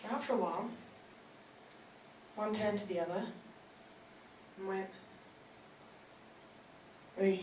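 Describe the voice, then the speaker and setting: A woman's voice: medium pitch, lively intonation, takes it slowly, long pauses, darkish tone. A woman performing a stand-up comedy set on a theatre stage, chatty and giggling through her lines. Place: theatre stage before a live audience. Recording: echoey, distant live recording with noise.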